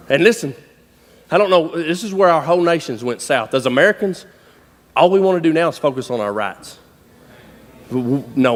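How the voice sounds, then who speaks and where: A man with a Southern US accent, preaching a sermon as a folksy, animated storyteller. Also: a little high. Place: church hall. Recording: long reverb of a large hall.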